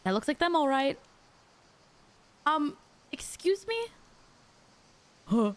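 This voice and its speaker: A woman's voice: sits high, very animated, slow. A young woman streamer chatting casually and swearing freely while playing a story game. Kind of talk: casual gaming commentary.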